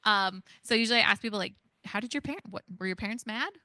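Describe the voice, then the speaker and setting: A woman, a parent educator giving a lively workshop talk to foster parents and asking the audience many questions. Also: mid-range voice, quick pace, no echo, studio quality.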